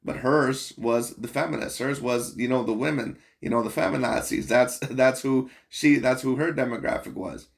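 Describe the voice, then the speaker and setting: A man's voice: mid-range voice, moderate pace, creaky, few pauses. A man hosting a boxing commentary channel, talking bluntly and profanely in a rambling, casual rant full of fillers.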